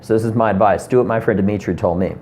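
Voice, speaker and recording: A man's voice: fairly low pitch, fairly even intonation, very fast, darkish tone, a little hiss or hum. A man in his thirties delivering a rambling, profane comedy rant to camera, full of ums and asides. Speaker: comedian vlogger.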